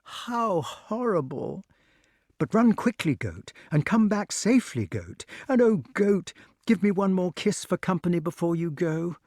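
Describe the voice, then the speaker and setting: A man's voice: on the high side, big pitch swings, slow pace, few pauses, a little mellow, breathy edge, no echo, clean studio sound, voice pushed up, exaggerated voice. A man doing a raised, frightened young boy. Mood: pleading. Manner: pleading then defiant. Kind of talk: audiobook character voice.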